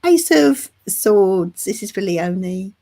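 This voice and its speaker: A woman's voice: medium pitch, big pitch swings, slow, dark tone. A middle-aged woman from England, getting over the flu, reading tarot cards live and chatting affectionately with viewers. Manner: chatty, affectionate, calls viewers love and darling. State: recovering from flu. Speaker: tarot reader and channel host.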